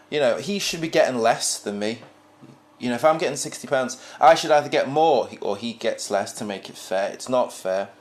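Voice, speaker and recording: Put on by a man, this is a cheated-feeling labourer in a retold parable. He sounds noticeably higher than his own voice and complains with indignation. His complaint is all about fairness. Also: lightly acted.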